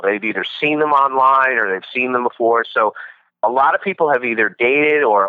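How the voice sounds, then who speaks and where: Male podcast guest on a lo-fi call, animated storyteller, dry sound. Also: mid-range voice, dry recording. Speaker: podcast guest, dating show host. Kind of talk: casual chat by phone. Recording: dull lo-fi call-in line.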